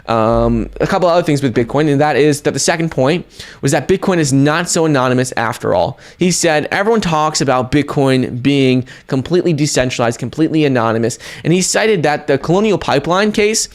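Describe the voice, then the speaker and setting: A man hosting a casual crypto news video in a fairly high, upbeat voice. He talks energetically in quick runs, with fillers and self-corrections along the way. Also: expressive. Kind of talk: casual news commentary to camera.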